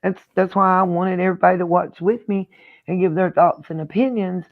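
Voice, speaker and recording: A woman's voice: fairly low pitch, steady tone, a little fast. A woman hosting a reaction channel, chatting in a casual, opinionated way and thinking aloud as she comments on a clip. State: hiccuping. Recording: dull lo-fi sound.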